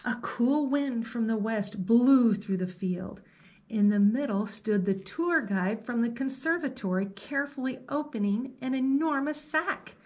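Librarian reading a storybook to kids, slow, gentle, soft-spoken, woman. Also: a little high, expressive. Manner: slow, gentle, asks the listener questions. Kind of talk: reading a picture book aloud to children.

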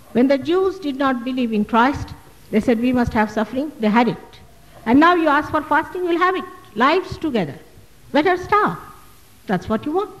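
A woman's voice: sits high, big-room sound, rough recording. A woman, a spiritual teacher answering audience questions at a public talk, emphatic and full of rhetorical questions. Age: 60s. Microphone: loudspeaker microphone.

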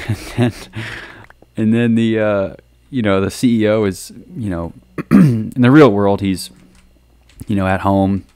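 A man with a very low voice rambles through a casual monologue. He hesitates constantly, filling gaps with ums and restarting his sentences. The sound is dry and close. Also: a little mellow, no room sound. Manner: hesitant, many ums and restarts, chuckling asides. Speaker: podcast host.

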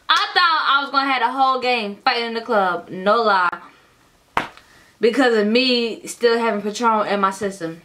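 A young adult woman vlogs casually in a slightly high voice at a moderate pace, telling an animated storytime full of cursing and speaking straight to her viewers as "y'all."

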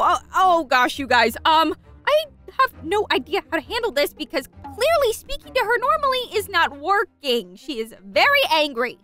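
Excitable young woman narrating a game role-play. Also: very high-pitched, normal speed, soft background music. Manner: excitable, chatty, addresses viewers. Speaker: gaming channel host.

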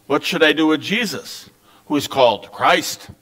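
A man reading the lines of a weary Roman governor questioning a prisoner, lifting his pitch on the questions. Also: moderate pace, sharp tone, poor audio. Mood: pleading.

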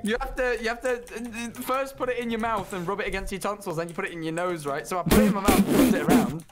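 A man's voice: sits high, fast. A young man playing a game with a friend, telling jokey stories. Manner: playful, telling stories in an exaggerated local accent. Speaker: co-player. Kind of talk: casual gaming chat. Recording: stream with game music underneath.

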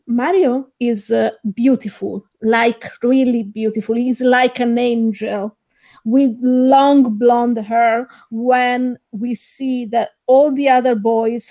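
Woman guest, slow measured delivery, fillers, slightly high voice. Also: a little mellow. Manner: thoughtful, hesitant, many fillers. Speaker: podcast guest. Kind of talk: casual discussion.

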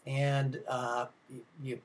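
Male college film lecturer, mid-pitched voice, loose and conversational, full of uhs and restarts as he talks to his class. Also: flat delivery, takes it slowly. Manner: rambling, many filler sounds and restarts; conversational, addresses students directly. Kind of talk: recorded slide lecture.

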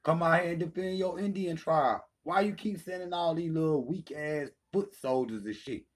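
A man with a somewhat high voice rants in a heated callout video, taunting his rivals and swearing without pause. He keeps it loud and mocking, dropping into a lower voice when he mimics others. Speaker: channel host. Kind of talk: profane ranting callout video.

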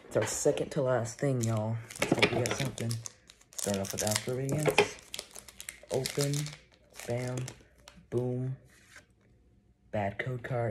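A man chatting casually while opening trading cards, joking with mock threats and excitable reactions. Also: medium pitch, heavy background noise. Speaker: card-opening vlogger.

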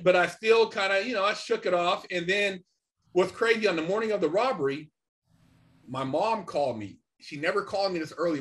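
A middle-aged man telling a story casually and animatedly, swearing often and filling pauses with "you know" and "man". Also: high-pitched. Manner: animated, swears a lot, many fillers. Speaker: podcast guest.

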